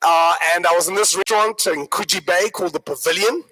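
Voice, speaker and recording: A man giving a live motivational workshop talk, an animated, joking storyteller who addresses the audience directly. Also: high-pitched, a little fast, rough recording. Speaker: workshop speaker.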